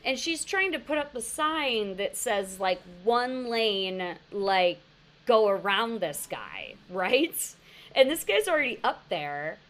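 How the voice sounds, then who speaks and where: A woman's voice: medium pitch, takes it slowly. A woman co-hosting a podcast, telling stories in casual chat and laughing often. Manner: animated storyteller, laughs often. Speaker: podcast co-host.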